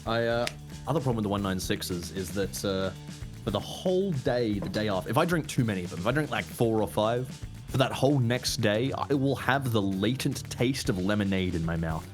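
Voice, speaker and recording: A man's voice: on the low side, animated, normal speed, over music. A young man chatting casually as a guest with a sore throat, rambling, swearing freely and laughing often. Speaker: streamer and guest. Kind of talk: casual chat while drinking.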